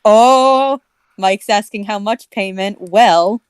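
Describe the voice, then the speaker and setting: A woman's voice: medium pitch, slow pace, clear, resonant tone, no room sound. A woman co-hosting a casual comedy podcast, teasing and blunt with the others.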